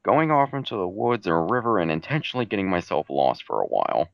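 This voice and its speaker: A man's voice: deep voice, very animated, fast talker, vocal fry, dry recording. A man answering reader questions about his fan fiction in a casual, laid-back Q&A chat, with dry, matter-of-fact answers. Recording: dull home mic recording.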